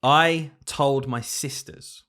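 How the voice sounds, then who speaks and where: A young man telling a story in casual podcast chat, animated and laughing often. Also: mid-range voice, slow pace. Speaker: podcast co-host, teacher.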